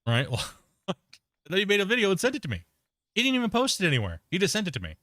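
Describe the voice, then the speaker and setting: A man's voice: sits high, wildly swooping pitch, fast talker, a bit bright, no room sound, studio quality. Rambling laid-back male streamer. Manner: rambling, laid-back, full of "bro" and "you know what I mean"; laughs often at himself. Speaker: livestreaming gamer host. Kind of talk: casual live-stream chat.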